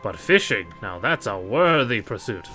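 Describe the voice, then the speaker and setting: Give me a man playing a solemn, earnest ex-swordsman, slightly deep. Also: sing-song, moderate pace, bright, forceful tone, faint music behind, rough recording.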